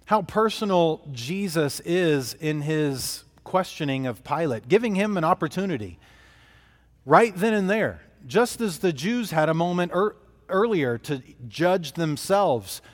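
A man delivers an earnest sermon in a somewhat high voice, pausing and restarting his phrases as he works through the passage. His words ring out with the long reverb of a church sanctuary. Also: animated. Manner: earnest, thinking aloud with frequent restarts. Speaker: pastor. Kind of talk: expository sermon.

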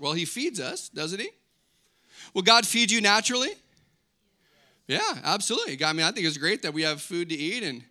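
A middle-aged pastor preaches a sermon in a conversational, energetic way, posing questions to the congregation and tossing in joking asides. His voice is fairly high.

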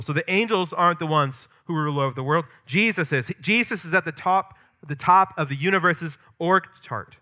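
A man preaching a sermon as pastor, emphatic and conversational, swinging from loud stressed points to quiet asides. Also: a little high. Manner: conversational with asides and light humor.

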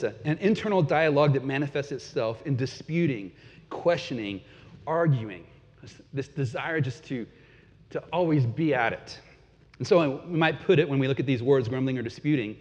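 A man preaching a sermon in a relaxed, conversational way, chuckling now and then and sometimes repeating words. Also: a little high. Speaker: pastor. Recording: dull lo-fi sound with long hall reverb.

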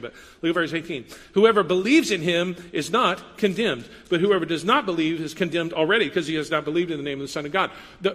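A man preaching a sermon in a conversational, animated way, with playful asides and quoted voices. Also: a little high, big-room sound. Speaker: pastor.

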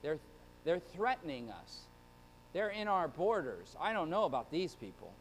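A man's voice: a little high, very animated, moderate pace, a little hiss or hum, low-quality recording. A man voicing a fearful, suspicious ancient king who grumbles distrust of strangers.

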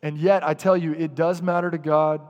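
A man preaching a sermon as pastor, lively and direct, sometimes acting out muttered grumbling. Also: a little high, normal speed, long reverb tail, dull audio. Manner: animated, acts out grumbling voices.

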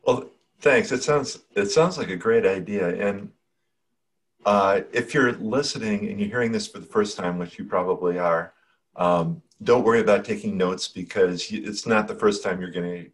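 A man with a low, deep voice who speaks straight to his listeners. He sounds reassuring as he wraps up a church announcement and tells people where to learn more. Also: moderate pace. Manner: reassuring, addresses listeners directly.

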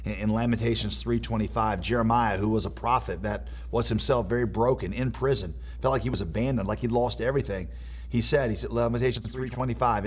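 A man's voice: fairly low pitch, fairly even intonation, quick pace, breathy edge. A man preaching a sermon, earnest and slightly hesitant, repeating words as he searches for phrasing.

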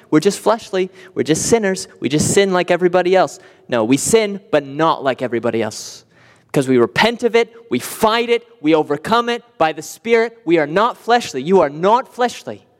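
A man's voice: high-pitched, in a large hall. A man preaching a sermon earnestly, with vivid imagery and rhetorical repetition. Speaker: pastor.

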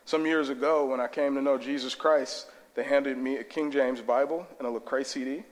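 A man's voice: mid-range voice, fairly even intonation, moderate pace. A man preaching a sermon in a church, casual, conversational and enthusiastic. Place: church sanctuary. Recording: long hall reverb.

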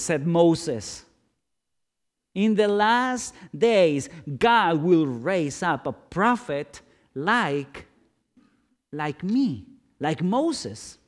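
Slow dramatic preacher guy, voice goes all over the place, loud then hushed. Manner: dramatic, swings from loud questions to hushed low lines. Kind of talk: sermon.

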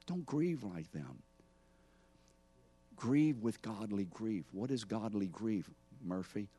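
A man's voice: fairly low pitch, expressive, takes it slowly, mellow, husky. A man preaching a sermon, teaching and calling on members of the congregation by name to answer his questions. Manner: teaching preacher who quizzes listeners by name. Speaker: pastor.

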